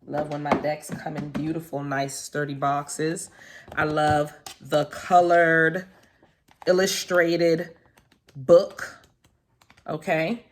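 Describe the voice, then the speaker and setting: Casual tarot vlogger, woman, low-ish voice, effusive, talks right to her viewers. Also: little pitch movement, slow pace, pauses often, a little hiss or hum. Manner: gushing and effusive, with soft exclamations; talks directly to viewers, calling them guys and baby. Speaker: tarot reader and spiritual vlogger. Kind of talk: casual unboxing vlog.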